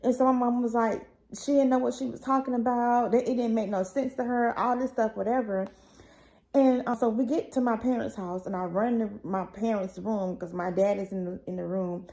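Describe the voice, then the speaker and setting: A woman's voice: fairly high pitch, steady tone, normal speed, dark tone, rough recording. A woman vlogger recounting a painful personal story in a rambling, emotional way, full of fillers.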